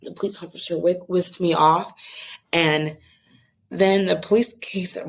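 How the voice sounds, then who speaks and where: A woman's voice: lowish voice, fairly even intonation, normal speed, creaky. A woman with an American accent telling a personal story in a casual podcast conversation, acting out the voices of the people she quotes. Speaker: guest author.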